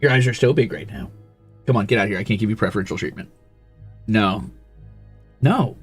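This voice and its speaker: A man's voice: lowish voice, expressive, fairly quick, long pauses, breathy edge, faint music behind. A male live streamer in casual chat, teasing and swearing freely as he coos at and scolds his cat.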